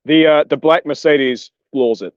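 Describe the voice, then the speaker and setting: A man running a tabletop game as game master, calmly narrating the scene with a few fillers. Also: a little high, unhurried, no room sound. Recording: dull lo-fi mic.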